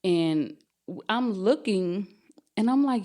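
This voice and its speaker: A woman's voice: low-pitched, measured pace, darkish tone. A woman, guest on a podcast, animatedly telling a true scary story and laughing as she goes. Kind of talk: casual storytelling.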